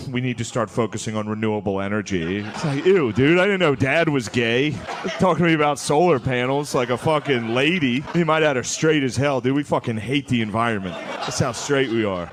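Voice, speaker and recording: A male stand-up comedian telling crude jokes in a deadpan way, often slipping into quick impressions. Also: mid-range voice.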